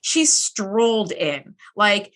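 A young woman co-hosting a podcast, chatting casually and animatedly about a TV episode, swearing and acting out characters. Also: medium pitch. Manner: animated, swears, acts out characters in quick asides. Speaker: podcast co-host. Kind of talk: casual chat recapping a TV episode.

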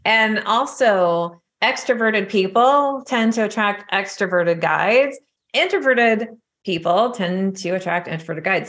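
A woman's voice: medium pitch, a bit bright. A woman guest explaining spiritual guides in a chatty, easygoing conversation. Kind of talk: casual chat.

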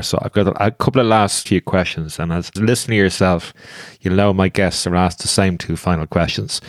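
A man's voice: deep voice, no echo, clean studio sound. A man hosting a golf podcast interview, chatting casually and then reading his set closing questions. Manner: friendly, scripted closing questions. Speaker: podcast host.

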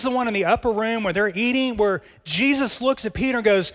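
A middle-aged male pastor preaching in a church hall, his fairly high voice carrying a long reverb tail. He talks conversationally and earnestly, drifting from soft, intimate asides to emphatic, pressing questions. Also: brisk, few pauses. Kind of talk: sermon.

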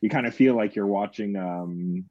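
Man, low voice, rambling film chat, muffled dry lo-fi sound. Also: moderate pace, darkish tone, no room sound. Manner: rambling, filler-heavy, frequent restarts. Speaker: podcast co-host. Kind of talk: casual film discussion.

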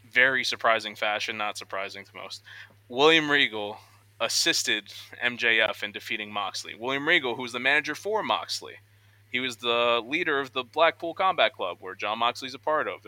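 A young man co-hosting a casual podcast, chatting excitedly about news and acting out quotes in voices. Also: medium pitch, dry recording. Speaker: podcast co-host.

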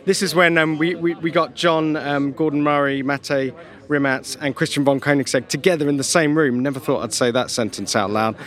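A man's voice: fairly high pitch, fairly even intonation, moderate pace, a bit bright. A man presenting a walkaround at an outdoor car show, chatty with self-deprecating asides. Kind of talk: walkaround commentary.

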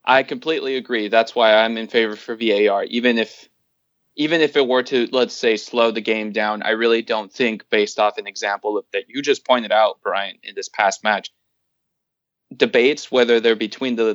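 A man's voice: on the low side, steady tone, moderate pace, a bit bright, dry recording, dull audio. A man co-hosting a casual sports podcast, who laughs easily and pokes fun at himself. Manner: laughs often, self-deprecating. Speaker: podcast co-host.

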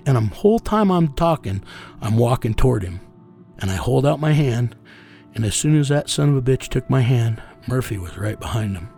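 A man's voice: mid-range voice, animated, moderate pace, creaky, dark tone, faint music behind. A man telling a story in an interview, bluntly and with a lot of swearing, often quoting what he said. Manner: blunt, profane, quotes himself often. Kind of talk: casual storytelling.

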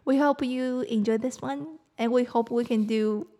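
A woman co-hosting a podcast, chatting in English. She talks loosely and freely, tosses in the odd curse word and laughs readily. Her voice sits a little high. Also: fairly even intonation, moderate pace, warm tone. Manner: chatty, swears casually, laughs often. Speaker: podcast co-host. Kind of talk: casual chat in a second language.

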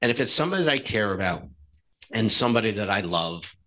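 Animated man chatting on a podcast. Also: lowish voice, fast. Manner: animated storyteller, acting out dialogue. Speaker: podcast co-host. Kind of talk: casual podcast chat.

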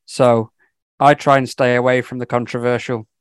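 A man's voice: mid-range voice, little pitch movement, moderate pace, clear, resonant tone, dry recording. Wry man on a podcast, dry sound. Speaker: podcast guest panelist. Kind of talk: casual podcast chat.

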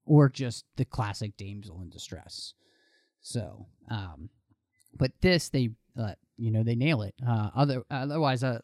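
A man co-hosting a casual film podcast, talking in an animated, jokey way with many restarts and fillers. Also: mid-range voice, no room sound, studio quality. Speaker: podcast co-host.

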